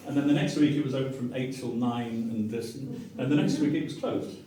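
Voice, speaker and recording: A man's voice: medium pitch, brisk. A middle-aged English man with a Manchester accent, giving a humorous storytelling talk to an audience and acting out the voices he quotes. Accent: Mancunian English. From Manchester, England. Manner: animated, self-mocking, acts out quoted voices. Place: restaurant dining room with an audience. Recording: echoey room from far off.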